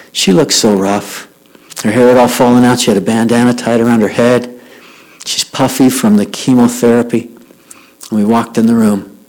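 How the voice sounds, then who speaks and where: A man's voice: medium pitch, darkish tone, low-quality recording. A middle-aged man telling stories in a devotional youth talk, acting out the voices of the people he quotes.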